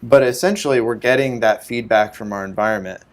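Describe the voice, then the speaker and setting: A man's voice: medium pitch, brisk. A man co-hosting a casual talk show, speaking thoughtfully and searching for his words. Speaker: show co-host. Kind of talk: casual conversation.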